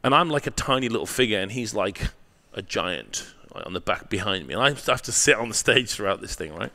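Animated, profane man telling stories. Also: on the low side, fairly quick. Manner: profane, animated storyteller with tag questions. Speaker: guest, marketing professor. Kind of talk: candid storytelling interview.

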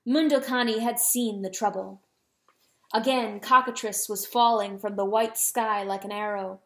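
A woman giving a dramatic reading of a storybook, slowing down on solemn words. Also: medium pitch, fairly even intonation, a bit bright. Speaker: audiobook reader. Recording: roomy echo.

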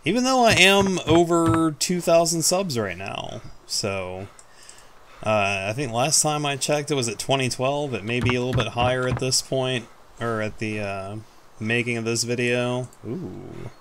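A man's voice: mid-range voice, a little slow, background noise. Rambling, self-mocking male gameplay commentator. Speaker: gaming YouTuber.

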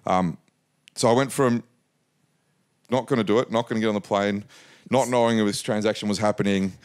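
Man, around 40, interview guest, lively anecdote, low-ish pitch, smooth resonant voice. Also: a little fast. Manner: lively anecdotal storytelling, acts out quotes. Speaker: interview guest, mining investor. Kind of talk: storytelling interview.

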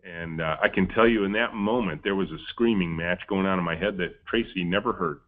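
A man's voice: deep voice, a little fast. A man, a company founder, giving a storytelling webinar talk and acting out the dialogue in his stories. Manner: lively storyteller, acts out quoted dialogue. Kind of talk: storytelling keynote. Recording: tinny phone-like webinar audio.

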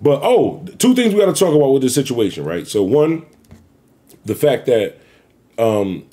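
A man hosting his own commentary show, talking bluntly and profanely in a rambling, animated way. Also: medium pitch, moderate pace. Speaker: YouTube commentary host. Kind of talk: casual commentary rant.

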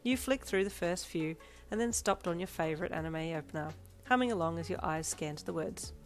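A woman reading a second-person fanfiction story aloud in an expressive narrating voice. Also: fairly low pitch, a little fast. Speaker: fanfiction reader. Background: soft backing music.

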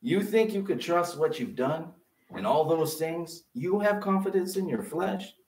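A man's voice: on the high side, animated, a little slow, a little mellow, distant mic. A male pastor giving a conversational sermon in a church, acting out the voices he quotes. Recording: echoey room, voice off-mic.

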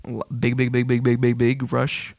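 A man rambling fast and wired with energy while commentating a video game. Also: medium pitch, completely flat delivery, creaky, darkish tone, dry recording. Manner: rapid, hyper, rambling. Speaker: let's play gamer.

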